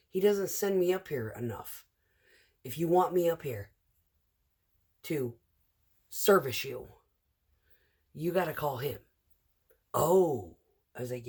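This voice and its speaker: Middle-aged lady concrete driver, husky voice, just rambling about her day, lots of ums. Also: sits low, unhurried, pauses often, darkish tone. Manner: rambling, chatty storytelling with lots of fillers. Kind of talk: casual vlog chat.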